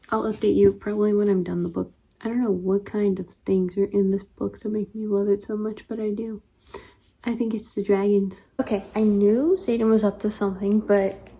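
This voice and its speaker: A woman's voice: mid-range voice, dark tone, rough recording. A young woman chatting in a casual reading vlog, gushing and rambling with lots of fillers. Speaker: book vlogger.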